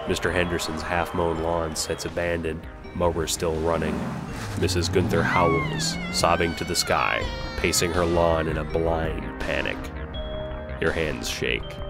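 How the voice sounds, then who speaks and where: Very deep-voiced man narrating drama. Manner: dramatic, swinging from hushed dread to panicked cries. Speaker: narrator and voice actor. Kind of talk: second-person audio drama narration.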